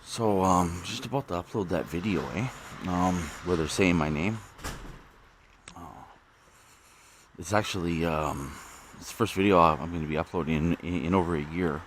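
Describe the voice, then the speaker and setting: A man with a deep, low voice talks straight to his camera outdoors late at night. He rambles and repeats himself, swears freely and keeps tagging his sentences with "eh?". A faint background noise sits under the recording. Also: normal speed. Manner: repetitive, profane, tags sentences with "eh?". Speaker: vlogger.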